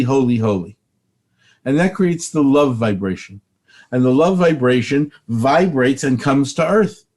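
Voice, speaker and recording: A man's voice: on the high side, a little mellow. An older man, a rabbi and spiritual teacher, speaking earnestly in an interview and repeating phrases for emphasis.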